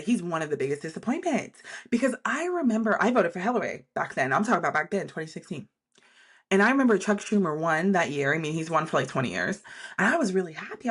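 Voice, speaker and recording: A woman hosting a casual political commentary video, talking bluntly with plenty of swearing and wandering off on tangents. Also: on the low side. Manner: blunt and profane, drifts into tangents.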